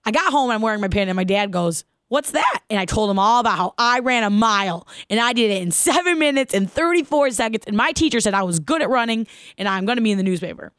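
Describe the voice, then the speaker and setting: A woman in her thirties hosting her own podcast, telling a personal story in an animated, casual way, laughing as she goes and asking listeners questions. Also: medium pitch, fast, clear, resonant tone, dry recording, clean studio sound. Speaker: podcast host.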